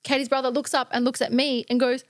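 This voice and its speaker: A woman with a fairly high voice speaks as a founder guest on a podcast, blunt and to the point. The recording is dry and close. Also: level tone, no room sound. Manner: blunt, direct, brisk. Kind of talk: casual podcast chat.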